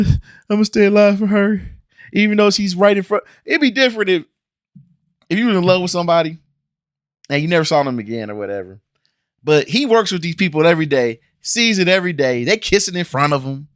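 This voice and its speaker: A man's voice: on the high side, a bit bright, no room sound, studio quality. A man from the Cincinnati area ranting bluntly and animatedly in a casual review vlog, with slangy, exasperated asides. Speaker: show reviewer and channel host.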